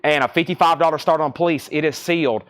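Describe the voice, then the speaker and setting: A man's voice: a little high, fairly even intonation, quick pace, fairly bright tone. A man with a Southern US accent hosting a live record sale, rattling off titles, conditions and prices. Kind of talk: live-stream auctioneering. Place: record shop.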